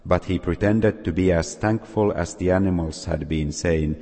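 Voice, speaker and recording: Deep husky man reading a folk tale. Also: mellow. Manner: slow, measured reading with small slips. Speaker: storyteller. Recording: long reverb.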